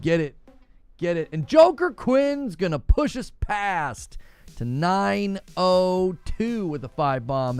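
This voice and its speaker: A man's voice: on the high side, darkish tone, smooth, no echo. A man, hosting a gaming livestream, joking with his chat and laughing often. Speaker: gaming channel host.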